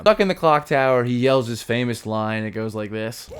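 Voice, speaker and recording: A man's voice: mid-range voice, normal speed, slight background noise. A man in his thirties reviewing a movie in a casual, jokey, sarcastic way, rambling through the plot.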